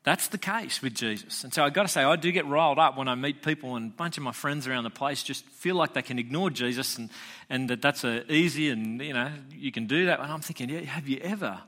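A man's voice: medium pitch, fairly quick, bright, forceful tone. A man preaching a casual, chatty sermon as a pastor, joking with listeners and restarting phrases often.

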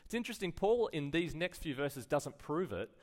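A man's voice: fairly high pitch, very animated, moderate pace. A man preaching a sermon in a conversational way, full of rhetorical questions and acted-out quotes. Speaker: pastor.

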